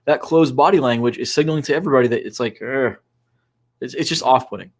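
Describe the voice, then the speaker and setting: A man's voice: mid-range voice, rapid-fire, darkish tone. A man co-hosting a casual podcast discussion, giving instructive advice with frequent fillers. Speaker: co-host.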